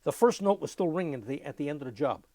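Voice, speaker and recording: An older man, telling lively anecdotes in an oral history interview and mimicking sounds as he goes. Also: on the high side, fast, no echo. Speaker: interviewee, musician.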